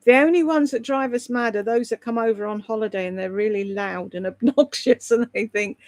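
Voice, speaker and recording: A woman's voice: a little high, fairly quick, a little mellow. A British woman chatting casually on a live stream, rambling between topics and reading out viewer comments. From Britain. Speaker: live streamer and voice-over artist.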